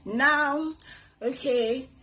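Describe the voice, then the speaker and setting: A woman's voice: high voice, extremely slow, poor audio. Chatty Nigerian woman giving advice. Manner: animated, preachy, with laughs and repeated blessings. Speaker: host. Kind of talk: casual advice talk, reading viewer comments.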